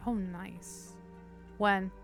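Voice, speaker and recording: A woman's voice: medium pitch, extremely slow, faint music behind. Woman reading a visual novel aloud. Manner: steady narration broken by casual swearing asides. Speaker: streamer, host.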